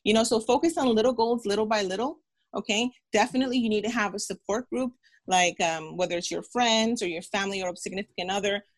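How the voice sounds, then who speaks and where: A woman's voice: mid-range voice, fast. A woman in her thirties, a physician guest in an interview, talking earnestly and encouragingly, repeating phrases and acting out quotes. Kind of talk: interview storytelling.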